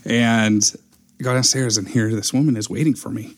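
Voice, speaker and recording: A man's voice: mid-range voice, normal speed. A young man telling a story in casual chat, acting out the quotes as he goes. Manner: animated storyteller, acts out quotes.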